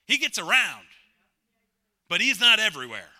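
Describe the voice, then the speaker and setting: Bright, emphatic male preacher. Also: high-pitched, sing-song, normal speed. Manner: emphatic preacher, repeats phrases, swings from loud to hushed; jokes with the congregation, asks questions. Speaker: pastor. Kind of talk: sermon.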